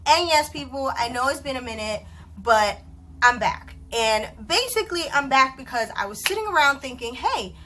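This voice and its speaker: This is a woman in her thirties vlogging from her bedroom at home, chatting straight to the viewer. Her voice sits a little high and sounds bright and forward. She tells the story with lively energy and acts out the dialogue as she goes. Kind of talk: casual storytelling vlog.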